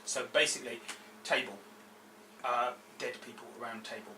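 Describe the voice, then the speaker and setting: A man's voice: medium pitch, steady tone, moderate pace, bright, forceful tone. A man runs a tabletop game, describing the scene in loose, chatty bits. He sits some way from the mic in an echoey room. Background noise carries throughout. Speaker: game master. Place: around a gaming table indoors. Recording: roomy, distant table recording with background noise.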